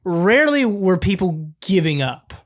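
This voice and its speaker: A man's voice: sits high, sing-song, measured pace. A man co-hosting a podcast, talking casually about a film and rambling through scenes with many restarts. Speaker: podcast co-host. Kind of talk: casual film review chat.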